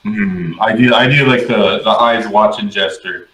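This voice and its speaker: A man taking part as a player in a tabletop game, describing his character in an animated, playful way. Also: on the low side, measured pace, roomy sound, poor audio. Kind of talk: casual tabletop game play.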